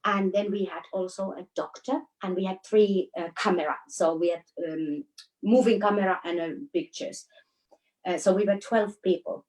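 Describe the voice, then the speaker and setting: A woman from Finland with a Finnish accent, chatting as a guest in an interview and telling stories with frequent laughs and pauses. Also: medium pitch, fairly even intonation, a little mellow, poor audio. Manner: storytelling with frequent laughs and hesitations. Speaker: guest, dancer. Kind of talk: casual interview chat.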